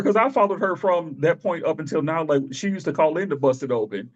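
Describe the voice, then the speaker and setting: Animated man on a lo-fi podcast. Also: on the high side, a little fast. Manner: animated storytelling, quotes people in exaggerated voices, laughs often. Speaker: podcast co-host. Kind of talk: casual wrestling podcast chat. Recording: dull lo-fi sound.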